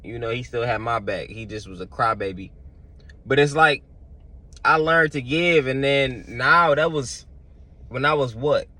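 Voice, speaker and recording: A man's voice: mid-range voice, a little slow, bright, forceful tone, no room sound. A young man, telling stories in a loose, slangy vlog monologue full of fillers. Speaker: vlogger. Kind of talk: casual storytelling monologue.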